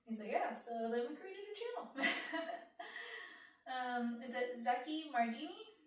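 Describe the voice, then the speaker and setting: A young adult woman hosting an ASMR channel, chatting softly and partly whispering as she answers viewer questions, with lots of fillers. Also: sits high, expressive, takes it slowly, very echoey, far from the mic, poor audio. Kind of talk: soft-spoken Q&A chat.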